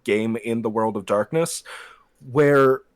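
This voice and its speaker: Laid-back guy talking slowly, mid-pitched, lots of ums and laughs. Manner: unhurried, many fillers, laughs and swears. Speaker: friend on stream. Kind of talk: casual chat.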